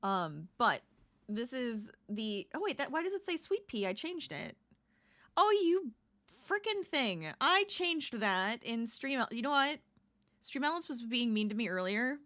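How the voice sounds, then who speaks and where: A woman's voice: fairly high pitch, very animated, unhurried, sharp tone. A woman crafting live on stream, chatting casually with her viewers, greeting them and laughing often. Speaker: crafting livestreamer.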